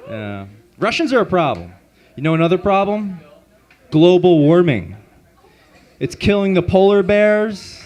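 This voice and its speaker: A man performing a stand-up comedy set at an open mic on a club stage, delivering deadpan setups and punchlines through a handheld stage mic. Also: high-pitched, unhurried.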